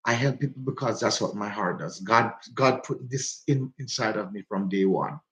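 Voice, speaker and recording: A man's voice: lowish voice, normal speed, a bit bright. A man with a Jamaican accent hosting a casual livestream while out walking. He chats, repeats himself and greets viewers by name. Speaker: livestream host. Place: walking outdoors.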